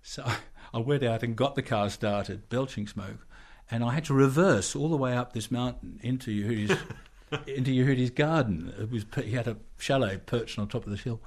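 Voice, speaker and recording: An older Australian man, an interview guest, telling a long anecdote in a lively way and acting out the voices in it. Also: medium pitch, moderate pace. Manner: lively storyteller who acts out quoted voices. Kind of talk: anecdotal storytelling.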